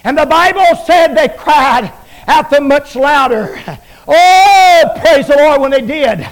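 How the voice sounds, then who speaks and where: A man preaching a shouted revival sermon, chanting and repeating phrases as he builds to shouts. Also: extremely high pitch, expressive, slow pace, rough recording. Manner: chanting, repetitive, rises to shouts.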